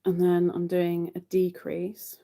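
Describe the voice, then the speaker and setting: A woman's voice: lowish voice, monotone, takes it slowly, creaky, dark tone. A woman hosting a live crochet stream, chatting casually to viewers while she counts her stitches.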